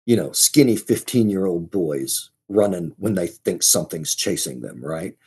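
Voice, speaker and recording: Low mellow-voiced guy, kinda husky, tells his story slow and halting, keeps repeating himself. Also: lively intonation. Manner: halting, restarts and repeats words. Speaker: podcast guest. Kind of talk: casual storytelling.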